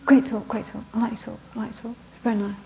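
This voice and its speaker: A man's voice: very high voice, little pitch movement, rapid-fire, vocal fry, mellow, lo-fi sound, slight background noise. A woman voicing a stubborn young man. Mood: insistent. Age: young adult. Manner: repetitive, insistent, blunt.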